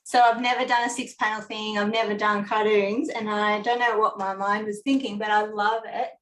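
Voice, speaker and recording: A woman's voice: mid-range voice, flat delivery, normal speed. A woman sharing her drawings on a video call, chatty and a little hesitant. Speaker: workshop participant. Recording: echoey room with faint noise.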